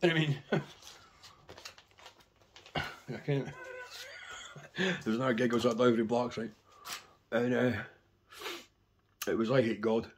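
A man's voice: mid-range voice, takes it slowly, pauses often, slight background noise. A man casually rambling through anecdotes about his record collection, swearing constantly.

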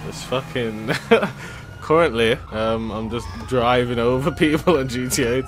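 Slangy London gamer, shouting outbursts. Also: male voice, medium pitch, unhurried. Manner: loud swings into shouted excitement, slangy banter. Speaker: gaming YouTuber. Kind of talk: casual gameplay commentary. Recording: music playing behind the voice.

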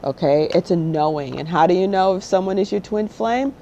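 Blunt, low-voiced woman spiritual guide. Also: fairly quick, warm tone, dull audio, slight background noise. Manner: blunt, straight-talking, keeps asking "okay?". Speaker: spiritual guide and channel host. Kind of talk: casual spiritual talk to camera.

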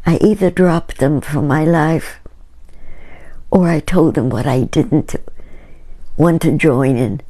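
An older woman, a painter, speaks to a small group about her work in a low, mellow voice. Her storytelling is earnest, reflective and unhurried.

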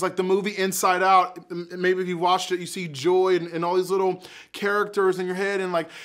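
Young male youth leader, high voice, animated and excitable, casual talk to camera.

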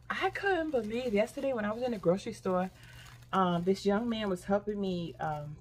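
A woman's voice: a little high, a little hiss or hum. An older woman casually chatting to her viewers about her shopping haul, talking straight to them and squealing with delight. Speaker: haul vlogger.

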